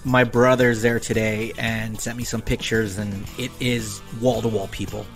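A man's voice: on the low side, normal speed, faint music behind. A man co-hosting a podcast from a hot back room, joking and swearing as he rants. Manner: joking, swears freely, bursts into animated rants. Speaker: podcast co-host. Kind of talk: casual podcast chat. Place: uninsulated back room with fan and window open.

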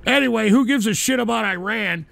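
High, gravelly man ranting as host. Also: fairly quick, dry recording. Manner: profane, blunt, erupts into shouting. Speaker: host of a call-in politics show. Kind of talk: casual livestream rant.

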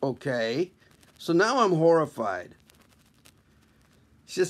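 A man's voice: mid-range voice, very animated, measured pace, long pauses. A male comedian telling a wry, self-deprecating personal story in a conversational way. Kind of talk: comic personal storytelling to camera.

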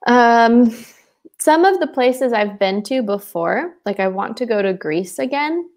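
A young woman from Seattle chatting on a live webinar with a somewhat high voice. She talks in a loose, giggly way and often trails off into "um" before picking up again. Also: expressive, a little slow, a little mellow. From Seattle, USA. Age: 20s. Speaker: webinar co-host. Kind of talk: casual live webinar chat.

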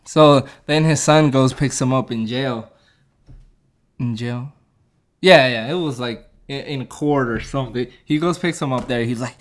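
A man's voice: mid-range voice, unhurried. A man casually reviewing a movie, retelling the plot in a rambling way, laughing and correcting himself as he goes.

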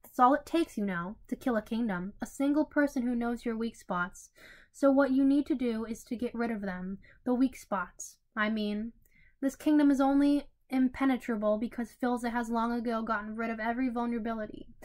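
A woman's voice: on the high side, normal speed, darkish tone, natural voice. A woman reading a young male swordsman who lectures his pupil in a stern, mocking way. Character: blunt young male swordsman, cold mentor.

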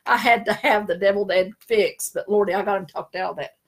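A woman's voice: medium pitch, fast. A middle-aged woman, a spiritual consultant chatting casually, laughing often and slipping into funny voices. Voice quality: chatty storyteller, laughs often, animated impressions. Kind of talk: casual chat on a live stream.

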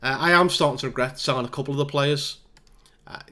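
A man's voice: medium pitch, fast. Exasperated man calling a game. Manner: exasperated, animated play-by-play. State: hay fever. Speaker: gaming YouTuber. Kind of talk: live game commentary.

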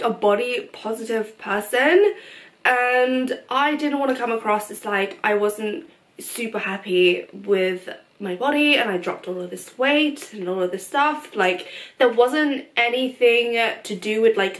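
A young woman vlogging a casual life update to her viewers, chatty and open, with many fillers and frequent laughs. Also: fairly high pitch. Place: at home.

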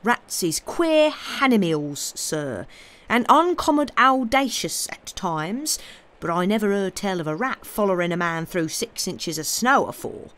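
A woman's voice: medium pitch, big pitch swings, measured pace, a bit bright. A woman voicing a gloomy old male innkeeper in broad rustic country speech, for a storybook reading. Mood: sententious.

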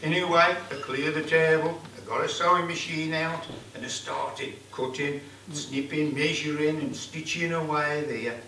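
Male folk club storyteller with a Black Country accent, bright and animated, far mic in an echoey room. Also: fairly high pitch, measured pace, slight background noise. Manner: broad colloquial dialect, acting out the characters. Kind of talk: live comic dialect storytelling.

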